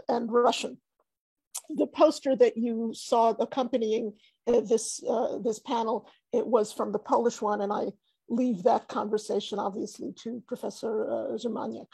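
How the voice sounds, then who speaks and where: A woman's voice: on the high side, vocal fry, warm tone, slightly rough, no echo. A woman giving an academic panel talk over a video call, hesitant with many fillers and restarts.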